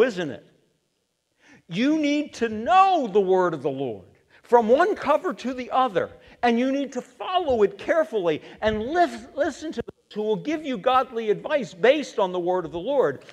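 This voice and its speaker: A male pastor preaching a sermon in a church, animated and acting out the quotes he reads. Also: very high voice. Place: church sanctuary. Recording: long reverb of a church sanctuary.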